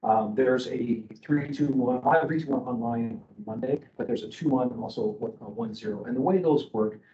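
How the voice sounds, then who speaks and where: A man's voice: medium pitch, moderate pace, dull audio, slight background noise. A middle-aged man working as a mortgage broker, talking loosely to a group with lots of fillers and restarts and tagging sentences with "okay?". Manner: rambling with many fillers and restarts, checking in with "okay?"; loud speaking voice. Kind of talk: casual presentation to a group.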